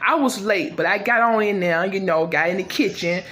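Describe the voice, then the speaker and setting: A woman playing a sassy, chatty fish-shack head cook who tells the audience about her day and breaks into high, indignant squeals when she quotes herself. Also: normal speed, a bit bright, natural voice. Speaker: character monologue. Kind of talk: comic character monologue to the audience.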